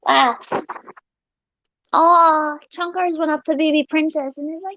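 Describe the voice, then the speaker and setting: A young woman live streamer chatting casually with her viewers, excitable and giggly, swearing freely. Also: high-pitched, measured pace, pauses often, no echo, poor audio.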